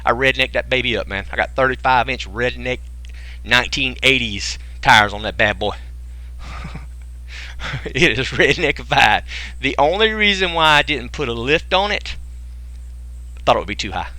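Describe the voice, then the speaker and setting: Joking folksy guy pitching on a webinar, super bright sharp voice, bouncy intonation, dry close mic. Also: moderate pace, pauses often, no echo. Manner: excitable, joking, folksy slang, lots of rhetorical questions. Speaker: webinar host pitching a business program. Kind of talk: casual sales pitch to a live online audience.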